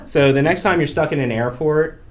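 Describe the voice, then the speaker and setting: A man's voice: fairly high pitch, a little fast, a crowd in the background. A man giving a photography talk to an audience in an art gallery, telling wry, humorous stories and laughing along with them. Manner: wry, laughs through his own stories. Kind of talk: humorous storytelling presentation. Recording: noisy room recording.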